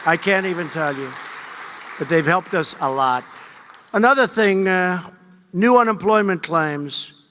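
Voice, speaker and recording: Older guy in his 70s riffing a campaign speech, punchy bright voice, repeats himself a lot, big echoey hall with a faint crowd. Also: high-pitched, a little slow, pauses often, slight background noise. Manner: repetitive, boastful, emphatic. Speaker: politician. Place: large event hall.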